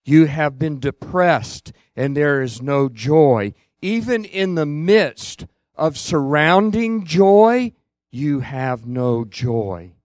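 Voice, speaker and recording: A man preaching a sermon as a pastor, earnest, with long pauses and hushed emphasis. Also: on the high side, lively intonation, no room sound, clean studio sound.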